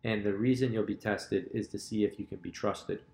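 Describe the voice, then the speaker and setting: A man's voice: fairly low pitch, fairly even intonation, fairly quick, creaky, darkish tone. A man hosting a podcast, speaking earnestly and reflectively in casual conversation. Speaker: podcast host. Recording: roomy echo.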